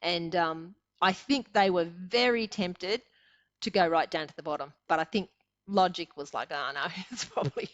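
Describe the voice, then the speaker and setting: A woman's voice: on the low side, normal speed, fairly bright tone. An older Australian woman telling her story as a guest, chatty and rambling with fillers and frequent laughter. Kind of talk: casual storytelling interview. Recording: dull lo-fi audio.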